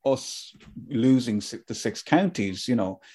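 A man's voice: medium pitch, lively intonation, a little slow, mellow, breathy edge. A man from Ireland hosting a podcast in casual chat, joking, opinionated and swearing freely. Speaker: podcast host.

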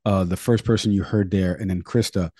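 A man's voice: sits low, steady tone, a little fast, dark tone, no echo, studio quality. A man hosting a political talk show, going through poll numbers in a conversational way. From Florida. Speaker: host.

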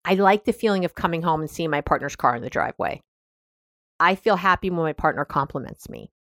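A woman's voice: fairly low pitch, expressive, fairly quick, a bit bright, no echo, clean studio sound. A woman hosting a self-help podcast, chatting casually, often laughing and restarting her thoughts. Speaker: podcast host.

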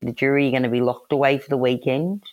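A woman recounts her own story as a podcast guest. She talks with energy and replays quoted exchanges in lively voices. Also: a bass voice, fast, highs cut off. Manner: animated, acts out quoted exchanges, laughs. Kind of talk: personal storytelling.

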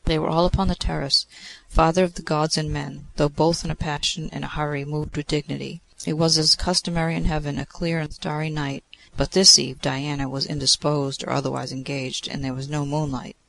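Man narrating a classic tale, gravelly. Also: fairly high pitch, flat delivery, fairly quick, a bit bright, poor audio. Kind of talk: audiobook narration of classic fiction.

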